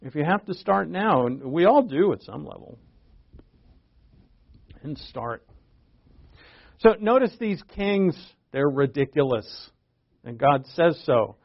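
Casting: male preacher, fifties, slightly high voice, chatty rhetorical delivery, muffled lo-fi sound. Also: sing-song, slow pace, creaky, pauses often. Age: 50s. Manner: conversational, rhetorical questions, frequent restarts. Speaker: pastor. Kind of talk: sermon, Bible teaching. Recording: dull lo-fi recording.

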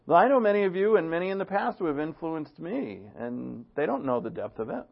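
A man preaching a sermon with a gravelly, creaky voice and an earnest, conversational delivery. He clears his throat now and then. The recording sounds dull and lo-fi. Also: a little high, big pitch swings, fairly quick. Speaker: pastor.

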